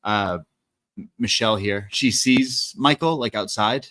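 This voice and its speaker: A man's voice: on the low side, unhurried, bright, forceful tone. A man co-hosting a casual movie review podcast, recapping the plot loosely with filler words and swearing. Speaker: podcast co-host.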